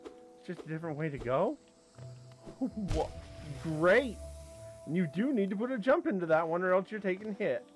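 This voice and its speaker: A man's voice: high voice, animated, brisk, darkish tone, soft background music. A man giving casual commentary as he plays a game, talking to the creatures on screen and breaking into sudden yelps and exclamations. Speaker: let's play host.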